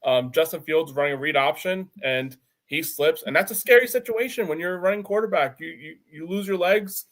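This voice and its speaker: A man's voice: fairly high pitch, brisk, few pauses, fairly bright tone. A man co-hosting a casual sports talk show, often repeating words as he searches for them. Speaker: podcast co-host.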